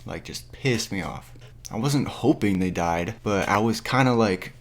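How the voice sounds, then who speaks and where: A man's voice: on the low side, unhurried. Exasperated, foul-mouthed young man ranting. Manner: profane, exasperated, animated. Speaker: vlogger. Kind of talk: casual movie review rant. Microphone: camera mic.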